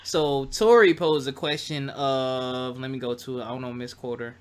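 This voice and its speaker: A man's voice: medium pitch, steady tone, moderate pace, smooth. A man hosting a casual group podcast, joking around and laughing in loose banter with his co-hosts. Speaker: podcast host.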